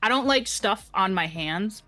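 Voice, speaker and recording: A woman's voice: mid-range voice, animated, a little slow, loud music behind the voice. A woman playing a tabletop game, joking playfully and swearing freely in casual chat. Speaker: player.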